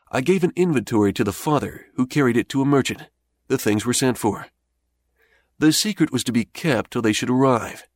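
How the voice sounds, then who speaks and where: A man narrating an old first-person memoir in a measured, steady reading voice. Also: mid-range voice, dry recording. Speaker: audiobook narrator.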